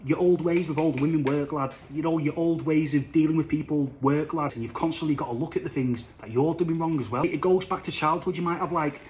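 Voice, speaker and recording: Young man, animated casual monologue, slightly high voice, echoey room. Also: a little fast, few pauses, slight background noise. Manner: chatty, animated, says "lad" and "flipping" a lot. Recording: echoey room, faint ambience.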